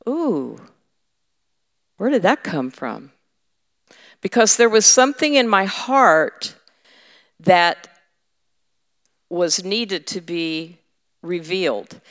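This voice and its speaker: Her voice is fairly low, smooth, and a bit bright. She's a women's ministry leader preaching a conversational sermon, candid and humorous, teasing the congregation, in an echoey hall where the sound comes out slightly dull.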